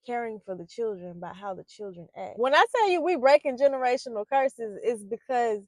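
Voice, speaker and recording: Earnest higher-voiced woman, dry sound. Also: expressive, a little fast, dry recording. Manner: earnest and heartfelt, loose with many fillers and restarts; grows emphatic and loud when making her points. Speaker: poet and parenting vlogger. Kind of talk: reflective monologue to camera.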